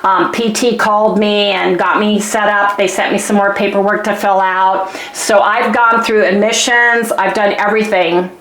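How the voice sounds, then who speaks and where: A woman's voice: medium pitch, moderate pace, few pauses. Chatty woman vlogging in an echoey room. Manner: chatty, rambling, animated. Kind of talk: casual vlog rant.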